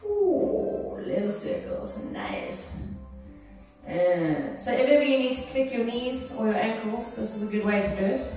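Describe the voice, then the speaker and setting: Cueing each exercise, a woman instructor keeps her class going with encouragement and check-ins, speaking a little fast with few pauses. Her voice is a little high and a little mellow. The sound comes from far off in a very echoey room, with faint music in the background.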